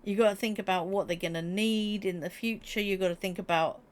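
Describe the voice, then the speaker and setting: A woman chatting casually with her viewers during a live stream, animated and quick to laugh. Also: mid-range voice. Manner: chatty and animated, laughing, talking straight to chat. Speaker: Twitch streamer.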